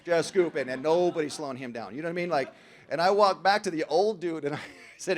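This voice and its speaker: A man telling a joke-filled story to a recovery meeting audience in a large hall, full of slang like "bro" and "man", dropping to a hush and then rising to loud shouting. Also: on the high side, fast. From Southern California. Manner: slangy, joking, calls the crowd "bro" and "man". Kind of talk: storytelling talk to a live audience.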